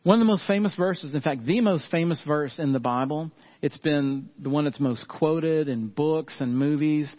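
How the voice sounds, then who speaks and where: Middle-aged man, pastor, sermon, earnest, slightly high voice, slightly muffled recording. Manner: earnest, slows down and softens on key points.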